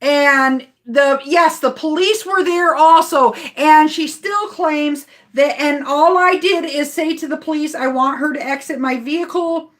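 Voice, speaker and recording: Slow-talking high-voiced woman vlogger. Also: a bit bright. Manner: slow, upset storytelling to viewers. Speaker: rideshare driver vlogger. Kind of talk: live stream vlog.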